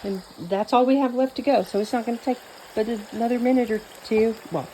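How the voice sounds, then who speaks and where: On the high side and fairly quick, her dark-toned voice carries a Southern accent as she chats while cooking, rambling with plenty of fillers and restarts. The vlogger was born in New Mexico and raised mostly in Texas; the rough recording has a little hiss or hum.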